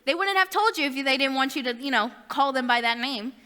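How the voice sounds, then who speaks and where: A young woman delivering a youth sermon in a high, bright voice. She drifts into chatty, self-deprecating asides. Her words echo with a long reverb, as in a large hall. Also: animated, a little fast. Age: young adult. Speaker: youth ministry speaker.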